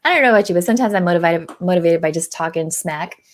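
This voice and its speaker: A woman's voice: on the low side, racing. Playful, laughing woman guest. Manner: animated and playful, laughs often. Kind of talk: casual live-stream chat.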